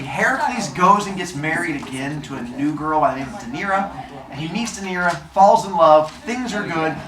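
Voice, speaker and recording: A man teaching, telling a story to his class in a casual, chatty and animated way. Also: on the high side, reverberant, rough recording.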